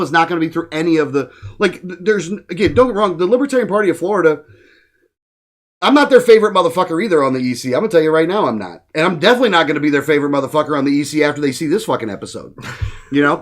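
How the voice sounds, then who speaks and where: A man's voice: a little high, expressive, very fast. Blunt, profane man ranting on a podcast. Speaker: guest, political activist. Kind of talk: casual podcast chat. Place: studio.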